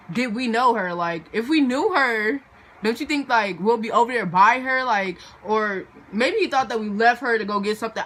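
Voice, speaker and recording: A woman's voice: on the high side, bright, forceful tone. Dramatic chatty young woman. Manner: chatty and dramatic, filler-heavy, acts out voices. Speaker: vlogger. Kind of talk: storytime vlog.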